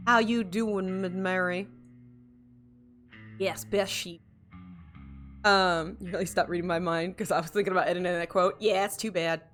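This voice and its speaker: A woman's voice: on the low side, steady tone, fairly quick, a bit bright. Woman game streamer, sleepy and yawning, rambling casual chat, faint music behind. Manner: rambling, self-interrupting, chatty with chat readers, laughs often.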